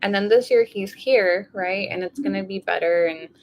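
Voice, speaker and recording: A woman vlogger in a casual diary vlog, tired and low on energy, rambling with lots of fillers and speaking openly about her feelings. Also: moderate pace, slight background noise. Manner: openly emotional, confiding.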